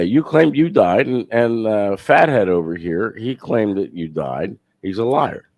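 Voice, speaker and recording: A man's voice: lowish voice, expressive, unhurried, creaky, a little mellow, no echo. A man on a call-in show, heckling and insulting the hosts. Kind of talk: heated call-in banter.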